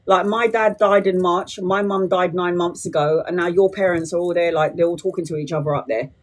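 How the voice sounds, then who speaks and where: A woman's voice: on the low side, fairly even intonation, a little fast. A woman, chatting bluntly and swearing freely with viewers as a tarot reader on a livestream. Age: 40s. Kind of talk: casual livestream chat to viewers.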